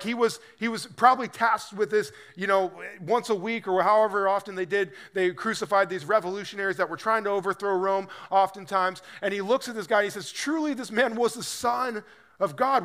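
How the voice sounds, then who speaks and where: A man's voice: high-pitched, fairly bright tone. A man preaching a sermon in a loose, conversational way, acting out quoted voices as he explains scripture. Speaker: pastor.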